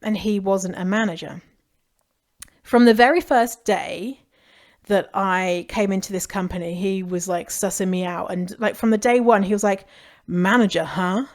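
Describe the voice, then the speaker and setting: A woman's voice: mid-range voice, moderate pace. A British woman hosting a podcast, giving casual advice in a frank, chatty way, swearing freely and laughing easily. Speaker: podcast host.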